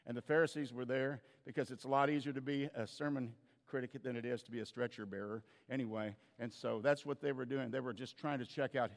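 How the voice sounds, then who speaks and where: A man's voice: medium pitch, fairly even intonation, fast, creaky, in a large hall. A man preaching a sermon as a pastor, telling stories in a conversational way with frequent restarts.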